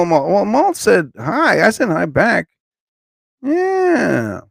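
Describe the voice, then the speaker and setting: A man's voice: sits high, wildly swooping pitch, takes it slowly, vocal fry, no echo. A man in his forties hosting a live stream, ranting in a blunt, emphatic way and stopping to greet viewers in the chat.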